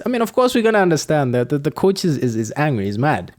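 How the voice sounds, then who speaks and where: Animated man telling stories casually. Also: on the high side, quick pace, few pauses. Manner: animated storyteller, acts out quotes, laughs often. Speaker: podcast host and flight instructor. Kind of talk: casual podcast chat.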